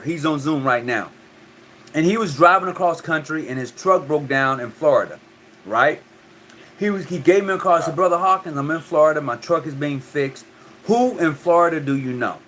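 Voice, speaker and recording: A man's voice: on the high side, fairly bright tone, slight background noise. A man hosting a call-in talk show, talking loosely and often repeating his words.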